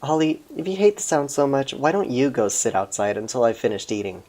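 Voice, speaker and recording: A man's voice: medium pitch, sing-song, fairly quick, darkish tone. A man doing a laid-back young fire goddess. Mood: relaxed.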